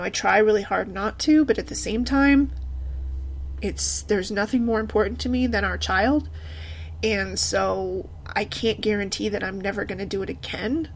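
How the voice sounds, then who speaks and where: A woman's voice: mid-range voice, creaky. A woman in her thirties talking frankly about co-parenting, earnest and self-correcting, breaking into laughs. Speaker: single mom blogger. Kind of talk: candid personal talk.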